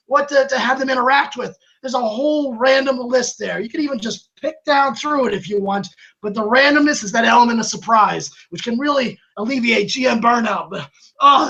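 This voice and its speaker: A man cutting an over-the-top, wrestling-style promo as an RPG channel host, yelling, unhinged and swinging into mock sobbing. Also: very high voice, breathy edge, low-quality recording.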